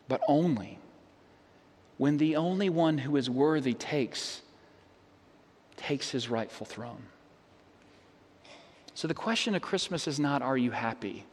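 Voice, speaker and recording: A man preaching a sermon as pastor, earnest and conversational, with rhetorical questions and frequent restarts. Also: a little high. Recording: long hall reverb.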